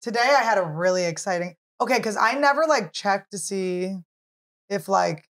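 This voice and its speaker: A woman's voice: medium pitch, expressive, moderate pace. A woman comedian hosts her own podcast, rambling through everyday stories in a loose, chatty way. She jokes about herself, drops casual swear words, and keeps the talk easy and conversational. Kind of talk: casual chat.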